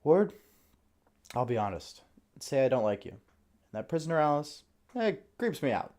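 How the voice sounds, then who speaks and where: Tough middle-aged woman prison guard read by a man, raised pitch, blunt, stern, sarcastic. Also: big pitch swings, normal speed, darkish tone.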